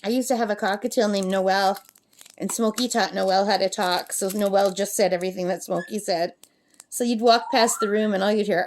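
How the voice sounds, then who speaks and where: A woman's voice: medium pitch, fairly even intonation, moderate pace, a little hiss or hum. A woman talking casually in a crafting vlog, rambling along and reading numbers aloud as she works. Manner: chatty and rambling, reads numbers aloud while working. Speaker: crafting vlogger. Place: at her summer camp with a talking parrot.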